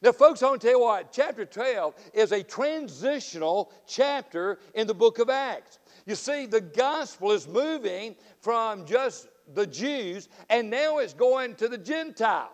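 A middle-aged man with a Southern accent preaches at a revival, his raised voice ringing through the long echo of a church sanctuary. He tells folksy stories and swings from loud, fiery outbursts to quiet, dry asides. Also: very high-pitched, expressive, measured pace, hardly any pauses. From Florida. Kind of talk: revival sermon with storytelling.

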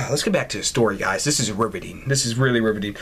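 A man hosting a gaming channel, doing loud, profane let's play commentary with lots of incredulous outbursts. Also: on the low side, fast talker, breathy edge. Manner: loud, swearing, incredulous, laughs a lot.

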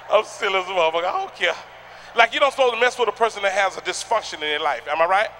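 A man doing a stand-up comedy routine on a theater stage, loud and boisterous, acting out people with shouts and sounds. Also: sits high, animated, rapid-fire, slight background noise.

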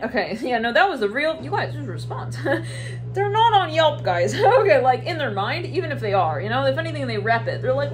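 A woman's voice: on the high side, animated, moderate pace, a little hiss or hum. A woman giving a casual tarot reading, rambling and giggling often, with some swearing. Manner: giggly, rambling, frequent laughter and profanity. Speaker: tarot reader.

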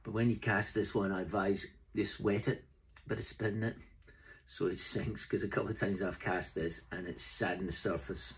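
On the road and camping, a middle-aged man with a Scottish accent chats to camera about selling the flies he ties, in a loose, jokey style. His low voice has a breathy edge, fairly even intonation and a moderate pace.

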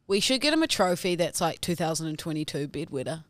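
A woman co-hosting a podcast, telling family stories in a lively, laughing way with lots of "like" and "you know". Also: low-pitched, quick pace, no echo. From New Zealand. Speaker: podcast co-host. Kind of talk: casual chat.

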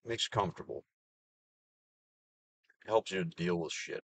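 Deep-voiced profane ranting man. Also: lively intonation, a little slow, vocal fry, fairly bright tone, breathy edge, dry recording. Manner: profane, ranting, sarcastic laughs. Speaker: vlogger. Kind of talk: casual rant to camera.

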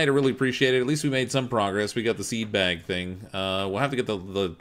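A man's voice: lowish voice, fast talker, hardly any pauses, a bit bright. A man hosting a live game stream, chatting casually and joking with his pet cat. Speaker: streamer host. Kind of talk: casual gameplay commentary.

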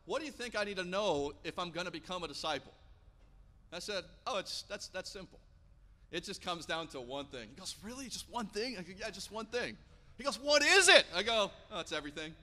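A man in his thirties preaching a sermon in church, telling stories and acting out the quotes with lively energy. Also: high-pitched, fairly quick. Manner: animated storytelling, acting out quotes. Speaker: pastor. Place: church sanctuary. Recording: long church hall reverb.

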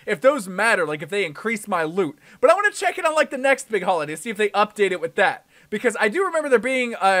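Lively, bright-voiced young gamer guy. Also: high voice, no echo. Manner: animated, swings from mumbling to excited yelling. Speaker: gaming YouTuber. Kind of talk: let's play commentary.

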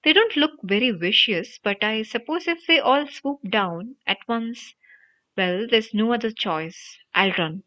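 A woman's voice: a little high, lively intonation, unhurried, pushed and bright. A woman reading an audiobook, voicing a brave eleven-year-old boy wizard who speaks urgently and breathlessly when in danger. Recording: dry, dull lo-fi audio.

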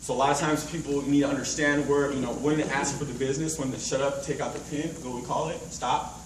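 A man's voice: mid-range voice, steady tone, fast, a little hiss or hum. A man training a sales team at a meeting, casual and rambling, full of fillers and analogies, recorded from far off in an echoey hotel room.

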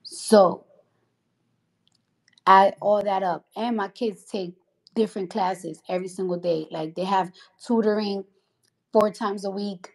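A woman's voice: mid-range voice, fairly even intonation, a little slow, gravelly, pauses often. A woman with a New York accent talking on a casual livestream, blunt and profane, heated and rambling with many restarts. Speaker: social media livestreamer.

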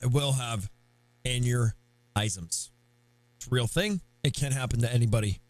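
A young man hosting a live game stream, hyped and playful, shouting greetings to his chat. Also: medium pitch, sing-song, moderate pace, dry recording.

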